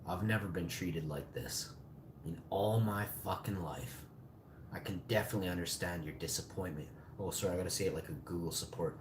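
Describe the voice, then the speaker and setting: A man's voice: low-pitched, fairly quick, background noise. Angry, swearing forty-year-old male streamer. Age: 40s. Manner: profane, bitter, ranting. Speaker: live streamer. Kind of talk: angry live-stream rant. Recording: echoey room, faint ambience.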